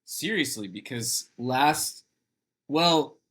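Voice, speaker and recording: Guy cohosting a podcast, chatty and rambly, laughs a lot, mid pitch. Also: animated, extremely slow, fairly bright tone. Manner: laughing, rambling, self-interrupting. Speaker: podcast co-host. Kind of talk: casual chat.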